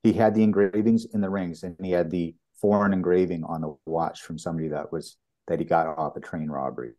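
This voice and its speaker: Canadian guy, older, deep mellow voice, swaps stories and does the voices. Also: a little fast. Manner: animated storyteller, acts out quoted dialogue. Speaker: property master, guest. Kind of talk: anecdotal storytelling in an interview.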